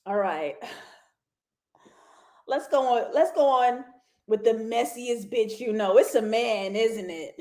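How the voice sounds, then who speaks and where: A woman hosting a casual livestream TV review, animated and laughing often as she talks to her viewers. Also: a little high, takes it slowly, long pauses. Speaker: TV review host.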